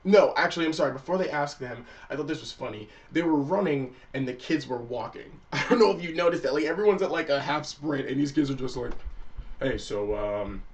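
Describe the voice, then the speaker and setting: A man's voice: on the high side, fast, hardly any pauses, far from the mic. A man reviewing an anime episode in a loose, casual recap, swearing freely and acting out the characters' lines.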